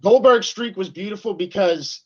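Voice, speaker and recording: Laid-back high-voiced male co-host, dull audio. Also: normal speed. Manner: laid-back, slangy banter. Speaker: sports radio co-host. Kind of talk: casual sports radio chat.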